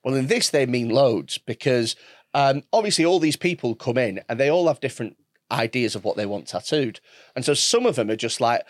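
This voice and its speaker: Animated, sweary man. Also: medium pitch, fairly quick, dry recording, studio quality. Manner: sweary, animated storytelling with voiced impressions. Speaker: podcast host. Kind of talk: casual chat.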